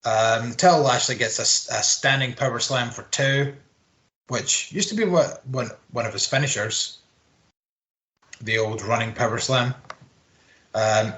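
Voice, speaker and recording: Bright-voiced man recapping casually. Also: mid-range voice, unhurried. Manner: rambling, sweary play-by-play with filler words. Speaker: podcast co-host. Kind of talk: casual wrestling recap chat.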